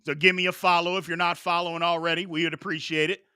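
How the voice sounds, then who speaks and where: A man's voice: a little high, fast talker, smooth, no echo, clean studio sound. A man in his forties hosting a live sports talk show, chatting casually and reading out viewer questions. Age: 40s. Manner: animated, chatty, reads viewer questions aloud.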